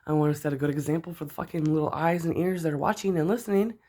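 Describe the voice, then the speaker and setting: A furious mother vents straight to the camera, swearing in nearly every sentence. Her voice jumps up loud and sharp, then sinks low and bitter, as if she is still working herself up. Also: fairly even intonation, very fast. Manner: heated, profane, swears constantly. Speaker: mother venting about another parent. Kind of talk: angry rant vlog.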